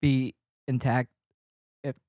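Brief: storytelling podcast guy, animated and profane, mid pitch, dry close sound. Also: slow pace, no room sound. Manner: animated, swearing, laughs often, gets loud when worked up. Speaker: podcast co-host telling a story. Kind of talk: casual chat.

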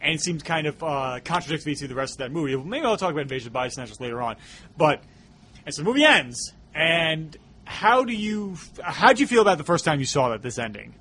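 A man on a podcast talks through a film in a casual, meandering way, full of "uh" and "like." His voice sits a little high and sounds bright and forward. A faint hiss runs underneath. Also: very animated, quick pace. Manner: rambling, filler-heavy, loose retelling. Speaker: podcast co-host. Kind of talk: casual movie discussion.

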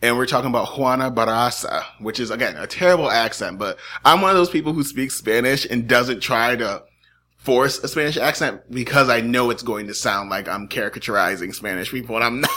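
A man's voice: mid-range voice, fairly quick. A man from New England co-hosting a true crime podcast, chatting casually and laughing often as he jokes. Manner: laughs often, animated, joking. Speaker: podcast co-host. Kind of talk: casual chat.

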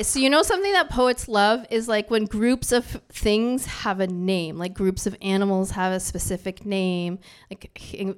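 Brash, smooth-voiced woman performing poetry. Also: mid-range voice, a bit bright. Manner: brash, profane, playful crowd banter. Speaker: spoken-word poet. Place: live stage in a bar venue.

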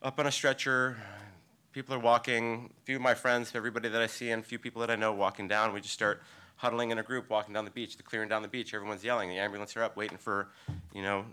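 A man, a local surfer, telling a personal story live on stage, in a vivid, halting way that swings between excited bursts and hushed passages. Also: lowish voice, smooth. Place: live storytelling event before an audience.

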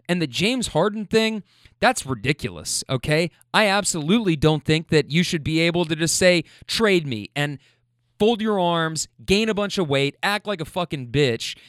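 Dude ranting through a story, swears a lot, voice jumps all over, kinda high, dry close mic. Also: male voice, no room sound. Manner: animated, profane, emphatic, keeps asking "okay?". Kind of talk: casual storytelling monologue.

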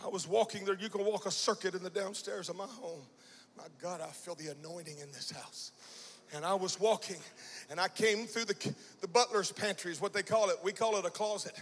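A male pastor preaching a fervent sermon, storytelling and then shouting and chanting in bursts. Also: high-pitched, a little fast. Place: large church sanctuary. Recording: church hall with long reverb.

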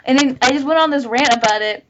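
A woman's voice: high voice, fast talker. A woman telling stories in a casual group chat, swearing freely and filling her talk with "like". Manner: profane, animated storytelling with lots of "like". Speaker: podcast host. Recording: lo-fi muffled recording.

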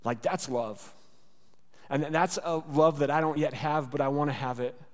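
A pastor delivers an earnest, conversational sermon packed with rhetorical repetition, speaking at normal speed in a voice on the high side. The church sanctuary gives it a long, reverberant tail.

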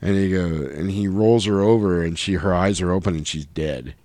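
A man's voice: deep voice, moderate pace, a little mellow, no echo. A man casually retelling a film's plot on a podcast, acting out the characters' lines as he goes. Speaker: podcast host. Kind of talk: casual movie recap chat.

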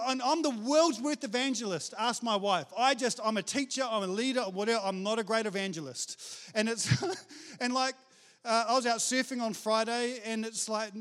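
A man preaching a sermon in a very high voice, and his words ring out with a long reverb as in a big hall. He talks in an energetic, chatty way, pokes fun at himself and drops slang like bro and mate. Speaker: pastor.

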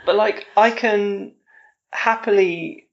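A woman guest in a casual podcast chat, rambling and self-deprecating, with a gravelly edge and a giggly manner. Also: mid-range voice, takes it slowly. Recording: dull lo-fi sound.

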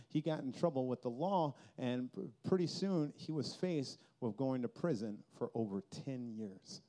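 A man's voice: medium pitch, dark tone. A man giving a personal testimony at a Christian youth festival, telling his story earnestly and with feeling.

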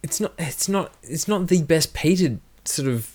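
A man's voice: on the high side, a little slow. A man co-hosting a podcast, chatting casually and often restarting his sentences. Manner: animated, restarts and self-corrections. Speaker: podcast co-host. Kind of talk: casual whisky podcast chat.

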